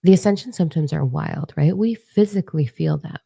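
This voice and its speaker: A woman's voice: low-pitched, a little fast, creaky, husky, no echo, studio quality. A middle-aged woman from Canada, a spiritual coach who talks bluntly and profanely in a casual motivational monologue. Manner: blunt, profane, animated storytelling.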